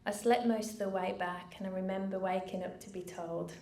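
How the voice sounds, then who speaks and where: A middle-aged woman giving a personal speech from a stage, earnest and measured with dry asides. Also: mid-range voice, fairly even intonation, darkish tone. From United Kingdom. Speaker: founder giving a keynote speech. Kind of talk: personal story told from a stage. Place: event venue with a live audience. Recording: roomy venue, faint background noise.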